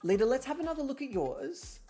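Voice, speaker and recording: Chatty woman streamer, lively pitch. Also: a little fast. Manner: chatty, thinking aloud. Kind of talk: casual live-stream chat. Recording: faint music underneath.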